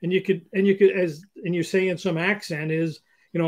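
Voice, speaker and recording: Older man giving lively hiring advice. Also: high voice, fairly quick, slightly rough. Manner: animated, acts out example dialogue. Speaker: interview guest, hiring consultant. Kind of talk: conversational advice in an interview.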